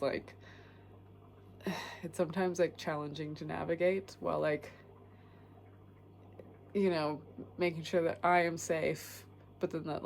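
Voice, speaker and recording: A young woman hiking alone, talking candidly to camera in a hesitant, filler-heavy way. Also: a little hiss or hum. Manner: hesitant, lots of fillers and restarts, low-key. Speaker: solo hiker vlogger. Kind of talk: candid vlog talk to camera. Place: indoors, small locked woodshed at night.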